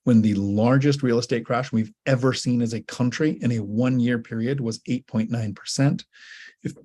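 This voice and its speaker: A man hosting a casual livestream Q&A, talking in a rambling way with halting restarts. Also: mid-range voice, steady tone, dark tone. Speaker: host.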